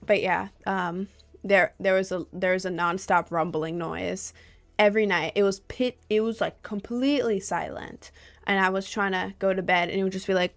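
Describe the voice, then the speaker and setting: A woman's voice: mid-range voice, normal speed, faint music behind. Chatty young woman streamer. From United States. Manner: rambling, filler-heavy storytelling with lively outbursts. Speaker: live streamer. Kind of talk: casual chat, reading viewer comments. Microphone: desk mic, sometimes leaning close.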